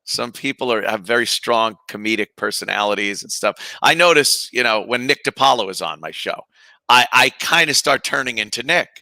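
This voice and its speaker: Middle-aged man, very bright voice, dry close sound, casual storytelling, lots of fillers. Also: medium pitch, fairly quick, dry recording. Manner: animated storyteller, mimics others, frequent fillers. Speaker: podcast guest, radio host. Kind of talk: casual chat.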